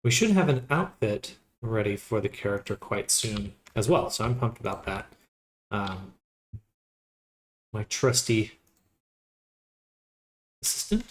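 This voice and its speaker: A man casually thinking aloud with pauses while he works live on a 3D model. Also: lowish voice, expressive. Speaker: 3D modeling streamer. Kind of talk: casual live-stream commentary while working.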